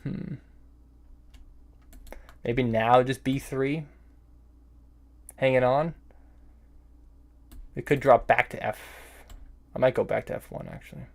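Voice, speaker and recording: A young man talks through his chess games live, slangy and quick to call himself out. His voice sits at an ordinary pitch with a noticeable fry on it. Faint keyboard typing runs behind him. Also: steady tone. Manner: self-critical, thinks aloud, slangy. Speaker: chess streamer. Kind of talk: live-streamed gameplay commentary.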